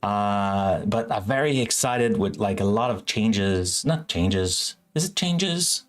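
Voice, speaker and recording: Slow, rambling male stream host. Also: on the low side, expressive. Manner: rambling, self-correcting, chatty with viewers. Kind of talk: casual live-stream chat.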